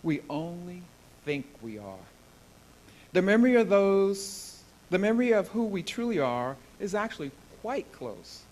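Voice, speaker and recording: A man reading a book excerpt aloud at a spiritual service in an earnest, deliberate way. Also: high voice, sing-song, darkish tone, poor audio. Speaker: guest reader at a spiritual service.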